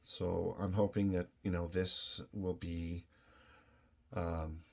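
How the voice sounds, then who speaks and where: A middle-aged man from Canada speaks to his viewers in a low, deep voice. He talks slowly and earnestly, full of pauses, fillers and restarts, and he sounds moved. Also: little pitch movement, creaky, a little mellow. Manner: halting, many fillers and restarts, emotional. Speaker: video host. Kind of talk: casual direct-to-camera talk.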